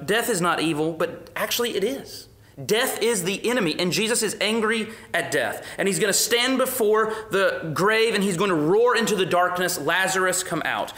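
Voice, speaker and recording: A man preaching a sermon, shifting between loud, emphatic peaks and hushed whispers, with a conversational, casual way of talking. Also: mid-range voice. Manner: conversational, uses "like" often. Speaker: pastor.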